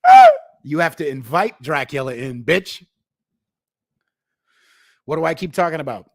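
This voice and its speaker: A man's voice: wildly swooping pitch, normal speed, pauses often, dry recording, clean studio sound. Profane, swaggering young man ranting. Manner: jumps between shouting and low asides. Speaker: livestream host. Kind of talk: unscripted livestream rant.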